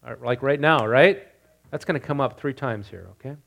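Man, pastor, sermon, lively delivery, mid pitch, questions to the congregation. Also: fairly quick, gravelly. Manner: animated, rising loud on quoted lines, asks congregation questions. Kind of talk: sermon with scripture reading.

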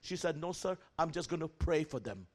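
Guest preacher, male, lively storyteller who acts out the dialogue. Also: a little high, brisk. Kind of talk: sermon storytelling. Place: church sanctuary.

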